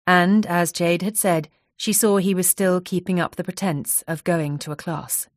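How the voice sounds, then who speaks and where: A woman reading a novel aloud in a measured, unhurried way at a close studio mic. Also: lowish voice, fairly even intonation, dry recording. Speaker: audiobook narrator.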